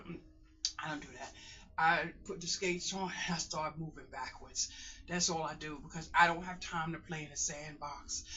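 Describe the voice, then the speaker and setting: A woman's voice: on the low side, pushed and bright, slightly rough, highs cut off. A middle-aged woman in pain, giving emphatic, repetitive life advice to her viewers in a casual vlog monologue. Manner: emphatic, repeats phrases, calls viewers "boys and girls" and "honey". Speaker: vlogger.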